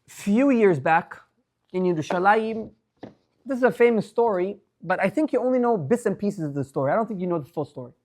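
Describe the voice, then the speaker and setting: A man's voice: high-pitched, a little mellow. A male rabbi giving a religious class, earnest and emphatic, stretching words for stress.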